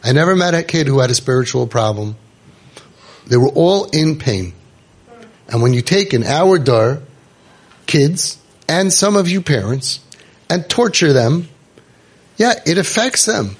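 A man's voice: on the high side, lively intonation, measured pace, pauses often, husky. A middle-aged man gives an emphatic, storytelling inspirational talk, acting out the voices he quotes. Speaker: youth program founder and speaker.

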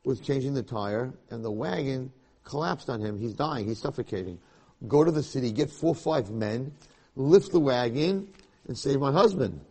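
A man voicing a desperate woman pleading urgently for help, in a husky voice. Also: medium pitch, lively intonation, normal speed, warm tone, poor audio.

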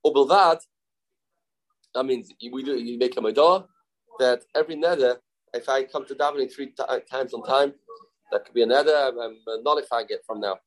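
A man's voice: medium pitch, low-quality recording. A man teaching a Talmud study class, explaining in English with Hebrew and Aramaic terms and acting out the speakers he quotes. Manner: halting, self-correcting delivery.

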